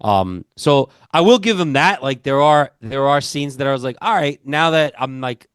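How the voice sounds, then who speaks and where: Long Island guy, mid-pitched, rambly podcast co-host, dry close sound. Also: expressive, moderate pace, a bit bright, clean tone, no room sound. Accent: New York, Long Island. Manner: rambling, filler-heavy storytelling. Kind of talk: casual chat.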